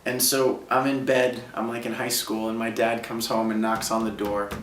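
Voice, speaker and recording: With little pitch movement, a medium pitch, moderate pace and fairly bright tone, a guest musician in his thirties from Brooklyn, New York recounts personal experiences. He's casual and heartfelt, using "like" heavily, and the distant mic gives a roomy sound.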